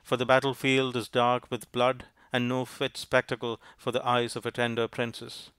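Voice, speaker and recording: A man voicing a kindly, loyal male monkey servant who speaks gently and reassuringly. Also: mid-range voice, monotone, moderate pace, clear, resonant tone, no room sound, lightly acted.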